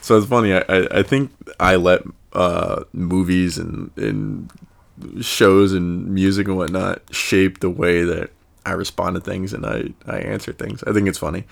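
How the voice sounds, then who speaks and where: A young man hosting his own podcast, talking in a deep voice with a gravelly, creaky grain. He rambles and thinks aloud, circling back with fillers and restarts, and often chuckles or drops into quick impressions. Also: steady tone. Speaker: podcast host. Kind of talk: casual solo podcast musing.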